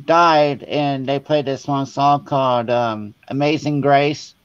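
A man's voice: medium pitch, fairly even intonation, takes it slowly, smooth, no room sound. A man chatting as a guest over a video call, his voice muffled and dry. He tells stories in a loose, rambling way and breaks into laughter often. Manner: laughing, tearful storytelling. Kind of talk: casual chat.

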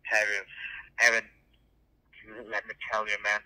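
A man's voice: on the low side, monotone, measured pace, bright, forceful tone. A man with a non-native English accent, posing as an officer on a phone call, speaking broken, formal and pushy English. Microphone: phone line.

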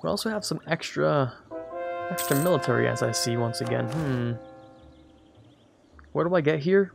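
Gravelly man rambling over a strategy game. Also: mid-range voice. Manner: rambling, self-correcting, jokey asides. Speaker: let's play host. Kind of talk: casual gameplay commentary.

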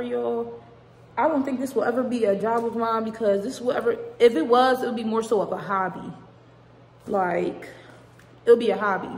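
A woman's voice: a little high, a little hiss or hum. A young woman vlogging casually at home, chatty and rambling, full of slang. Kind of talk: casual chat to camera. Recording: echoey room with long reverb.

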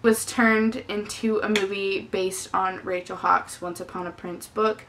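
A young woman talks through a book tag on her vlog, bright and a little sharp in tone. She gushes freely and fills her talk with casual fillers. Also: medium pitch, fairly even intonation, unhurried, slight background noise. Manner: chatty and effusive, lots of "definitely" and "like". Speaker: book vlogger.

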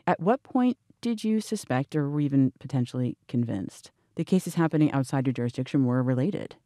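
A woman's voice: rumbling low, expressive, a little fast, mellow, dry recording, studio quality. A woman hosting a podcast interview, setting scenes and putting questions to her guests. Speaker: podcast host.

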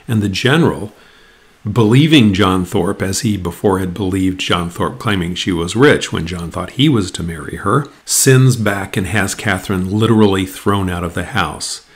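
A man giving a literature lecture, retelling the plot and reading passages aloud in a measured, explanatory way. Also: deep voice.

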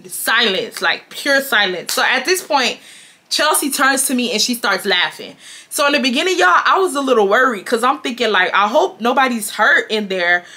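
A woman in her twenties from Houston, telling a storytime to her viewers in a chatty, animated way and calling them y'all. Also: fairly high pitch, normal speed. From Houston, Texas. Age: 20s. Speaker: storytime vlogger.

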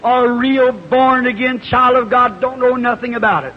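This is a man with a strikingly high voice, preaching a fervent revival sermon in a large hall. The old recording is muffled and hissy, and his words echo through a long reverb. He moves from easy storytelling to impassioned shouting. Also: normal speed, hardly any pauses. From United States. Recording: lo-fi 1950s hall recording with hiss.

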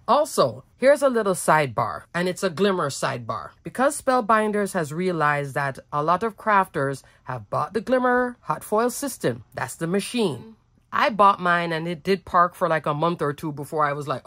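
A woman's voice: fairly low pitch, expressive, moderate pace, fairly bright tone, no room sound. A woman hosting a crafting video, talking in a bubbly, chatty way with a smile in her voice. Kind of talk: casual product walkthrough.

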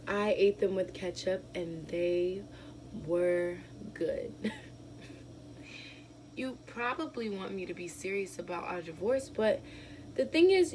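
A young actress playing an unraveling wife who laughs nervously through her divorce, her lines swinging from loud outbursts to hushed murmurs. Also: mid-range voice, slight background noise, close to an everyday voice, rough recording. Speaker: actress performing a monologue. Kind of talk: dramatic monologue.

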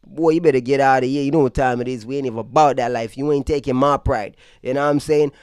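A man's voice: medium pitch, fairly even intonation, fast talker, few pauses, darkish tone, clear, resonant tone, no room sound, clean studio sound. A man from Brooklyn with a mixed Jamaican and New York accent, giving casual vlog commentary and telling stories that switch between patois and street slang. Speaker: dancehall news vlogger.

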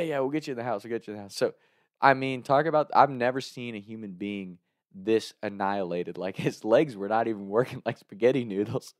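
A man recounts a personal anecdote in a loose, rambling way and keeps breaking into laughter mid-sentence. His voice sits at an ordinary pitch for a man. The sound is dry, with no room around it. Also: dry recording. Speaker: storyteller.

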